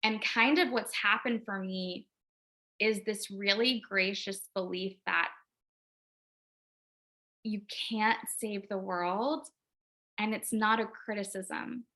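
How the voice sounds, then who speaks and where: Earnest bright-voiced woman, close to tears. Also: mid-range voice, fairly even intonation. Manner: earnest, halting, many restarts and fillers. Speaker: guest, LSAT tutor. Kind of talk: emotional personal interview talk.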